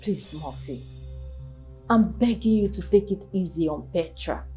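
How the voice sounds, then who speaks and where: A woman's voice: lowish voice, unhurried. An actress playing a loyal young woman friend who soothes and pleads, in a film drama with a Nigerian English accent. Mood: pleading. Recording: film soundtrack with music.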